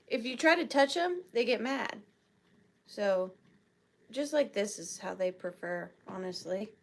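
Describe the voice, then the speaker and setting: A sleepy young woman with a Southern US accent and a high, fairly bright voice greets viewers while hosting a chatty live vintage sale from a chair in a room at home. Now and then she coos at her pet rabbit in sing-song baby talk.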